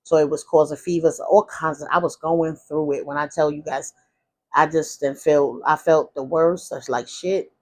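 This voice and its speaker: A woman's voice: deep voice, fairly even intonation, moderate pace, a little mellow. Woman vlogger confiding her life story; loose, frank, full of restarts. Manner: rambling and frank, with many restarts and asides. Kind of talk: candid casual storytelling.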